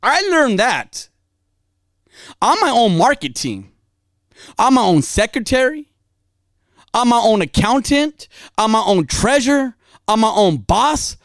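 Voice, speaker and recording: A woman's voice: a little high, very animated, slow, pauses often, no echo. A woman giving a casual motivational talk, emphatic and repetitive, dropping slang as she drives her points home.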